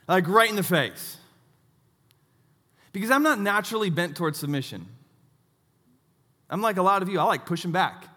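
Man in his 30s, pastor, lively swinging pitch, sermon in a reverberant hall. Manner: animated storytelling with self-mocking asides.

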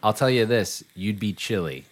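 A man's voice: on the low side, lively intonation, normal speed, a crowd in the background. A man chatting casually with friends indoors, laid-back and rambling with lots of fillers. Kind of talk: casual chat. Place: indoor room.

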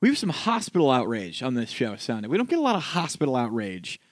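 A man's voice: medium pitch, huge pitch swings, fast, no room sound, clean studio sound. A man hosting a casual podcast, talking in a loose, jokey way with many fillers. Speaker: podcast host.

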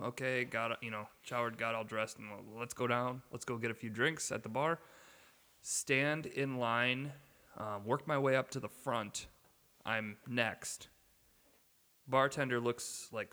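Man, animated storyteller, bright tone, echoey room. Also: mid-range voice, measured pace. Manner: animated storyteller who acts out quotes, swears. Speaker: podcast co-host. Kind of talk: casual chat, storytelling.

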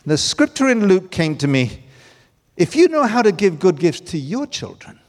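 An older man preaching a sermon, telling personal stories with emotion that swings from loud to hushed. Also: high-pitched, big pitch swings, normal speed, long reverb tail.

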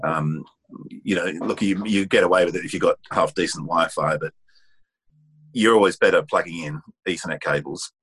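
A man on a video call, giving relaxed, practical advice about recording gear. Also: sits low, normal speed, breathy edge. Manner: relaxed, practical, plain-spoken. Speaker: voice-over panel host. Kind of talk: webinar Q&A advice.

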